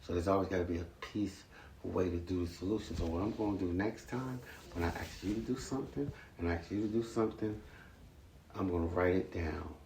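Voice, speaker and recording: A man's voice: sits low, quick pace, a little mellow. A man talking to his sons at home, earnest and repetitive, lecturing and then apologizing. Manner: earnest, repetitive, plain-spoken. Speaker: father speaking to his sons. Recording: echoey room, far from the mic, faint hiss.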